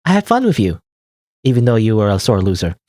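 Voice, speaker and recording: A man voicing an earnest, soft-spoken young girl heroine while playing a game, close to his own voice. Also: lowish voice, sing-song, fast, dry recording, pitched below the performer's own voice. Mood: tender.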